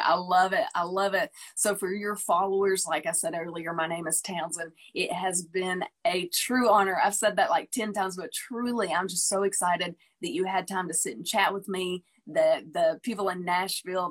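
A woman's voice: lowish voice, slightly rough. A woman hosting an interview, effusive and enthusiastic, who often repeats her praise. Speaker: interview host, singer-songwriter. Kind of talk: casual interview chat.

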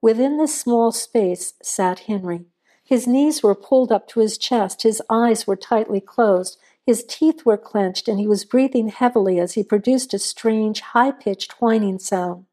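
A woman narrating a suspense story in a measured, suspenseful reading. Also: fairly high pitch, warm tone.

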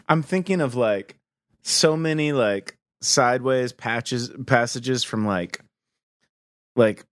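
Slow, laid-back man with a stoner drawl. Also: mid-range voice, no echo, clean studio sound. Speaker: podcast co-host. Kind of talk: casual chat.

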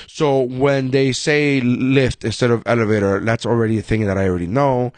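A man co-hosting a podcast, telling animated, profane stories in casual chat. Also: medium pitch, moderate pace, no room sound. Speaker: podcast co-host.

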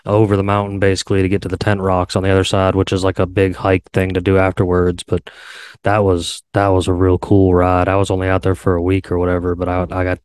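Male co-host, low smooth voice, rambling easygoing delivery. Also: completely flat delivery, fast, darkish tone. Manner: rambling, with fillers and restarts. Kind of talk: casual chat.

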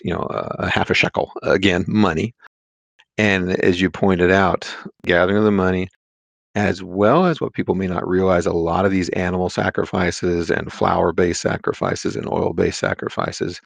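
A man co-hosting a conversational Bible study discussion, citing scripture in a measured way with frequent fillers. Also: low-pitched, creaky, no room sound.

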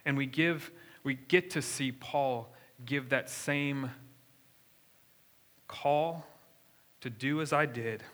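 A young man preaches in a church sanctuary, talking conversationally and questioning the congregation. His medium-pitched voice has a fairly bright tone, and he speaks slowly with long pauses.

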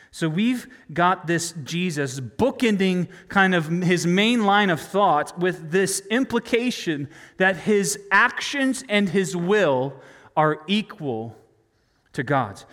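A man delivers a sermon in a conversational, questioning manner, often putting rhetorical questions to his listeners. His voice sits fairly high for a man. A long reverb trails behind him in a large hall. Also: animated, unhurried, fairly bright tone. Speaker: preacher.

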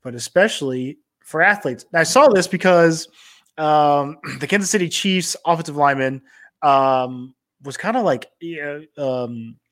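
A man co-hosting a sports technology podcast, talking in a relaxed, loose way full of fillers. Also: on the high side, measured pace. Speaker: podcast co-host. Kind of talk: casual sports tech chat.

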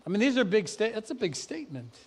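A man preaching a sermon, talking conversationally and then rising to loud, emphatic peaks. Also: sits high, sing-song, fast, in a large hall, slight background noise. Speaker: pastor. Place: church sanctuary.

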